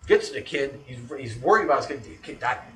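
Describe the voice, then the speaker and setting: A man's voice: medium pitch, lively intonation, fast talker, bright, forceful tone. A man telling a creepy story in casual talk, acting out the scenes with sound effects and often checking in with "right?". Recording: roomy echo, distant mic, faint background noise.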